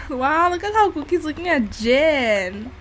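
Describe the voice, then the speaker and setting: A woman commenting on a life-sim game as she plays, excitable and swearing freely while she narrates what her characters do. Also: sits high, slow pace, slight background noise. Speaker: gaming channel host. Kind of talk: let's-play commentary.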